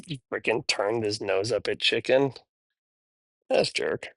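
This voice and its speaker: A man's voice: sing-song, slow pace, no echo. A man working as a dog trainer, talking casually to the camera while he trains a dog, candid and chatty. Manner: chatty and candid, switching to high, cheery praise for the dogs.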